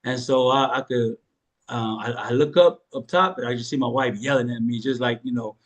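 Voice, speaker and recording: A man hosting a casual chat, telling a personal story in a relaxed, joking way and laughing often. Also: medium pitch, moderate pace. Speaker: host.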